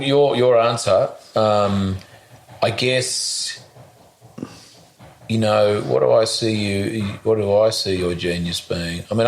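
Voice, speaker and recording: A man hosts a relaxed podcast interview, speaking in a fairly low voice. He talks haltingly, stacking fillers and false starts as he circles his point. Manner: halting, many fillers and restarts. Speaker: podcast host. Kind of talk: casual interview chat.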